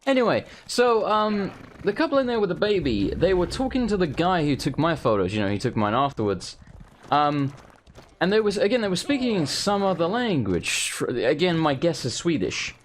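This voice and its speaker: A man's voice: on the high side, very animated, normal speed, slight background noise. A young man doing casual gameplay commentary, rambling and exasperated as he talks to himself. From England. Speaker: let's play host.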